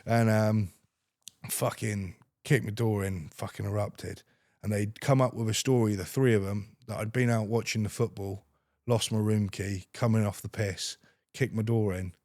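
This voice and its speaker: A man's voice: lowish voice, no echo, studio quality. A young British man, a former soldier, recounting army stories casually with heavy swearing and quoted dialogue. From United Kingdom. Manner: swears heavily, animated retelling with quoted dialogue. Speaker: podcast guest, former soldier. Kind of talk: casual storytelling.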